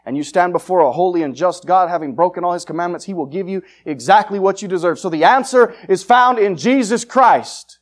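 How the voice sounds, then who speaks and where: A man preaching an evangelistic sermon, confrontational and fiery, swinging between loud urgent lines and hushed ones. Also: high voice, a little fast, hardly any pauses.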